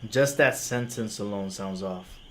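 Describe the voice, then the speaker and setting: A man's voice: on the low side, unhurried, a little hiss or hum. A young man whose first language is Spanish, reviewing music on a live stream and arguing with a critic in casual slang. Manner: casual slang, incredulous and argumentative.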